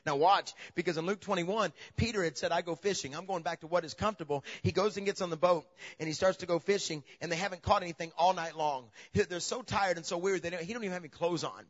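Preacher with a dull lo-fi sound. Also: male voice, high voice, fast talker, few pauses. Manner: storytelling, swinging from loud emphasis to hushed near-whisper. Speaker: pastor. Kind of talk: sermon.

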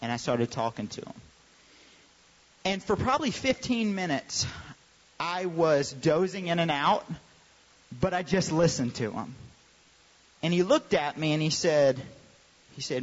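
A young adult man, a youth pastor, telling a lively story in a sermon and acting out the voices of the people in it. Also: on the high side, unhurried, pauses often. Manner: animated storyteller, acts out quoted voices. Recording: dull sound with long hall reverb.

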